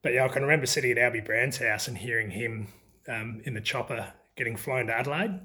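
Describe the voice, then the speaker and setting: A middle-aged man with an Australian accent, telling stories from his football days in a relaxed interview, often laughing as he talks. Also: medium pitch, fast. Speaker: former country footballer. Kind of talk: casual storytelling interview.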